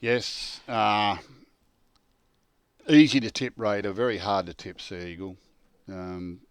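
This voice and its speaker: An Australian man with a low, deep voice talks footy as a pundit, blunt and plain-spoken as he gives his tips. The sound is close and dry, with no room around him. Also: steady tone, slow pace, clear, resonant tone, dry recording. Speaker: rugby league pundit. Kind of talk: casual sports chat.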